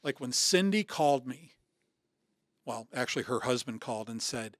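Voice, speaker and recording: A man's voice: medium pitch, animated, normal speed, no echo, studio quality. A man in his sixties from Michigan, a podcast guest telling stories in an earnest, reflective way with many restarts. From Michigan, USA. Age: 60s. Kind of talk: conversational storytelling.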